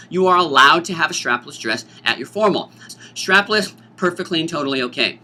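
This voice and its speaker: A middle-aged male teacher explains the school dance to his students with a bright, cutting voice. His pitch swoops around constantly as he jokes and slips into silly student voices. He sounds a little higher than most men. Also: fairly quick. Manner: animated, jokey, acts out student voices. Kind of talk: informational talk to students.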